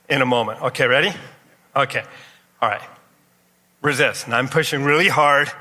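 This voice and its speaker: The clip captures a man at a large expo, leading a lively demonstration and coaching volunteers through exercises. His medium-pitched voice is bright and forceful, and the recording is distant with hall echo.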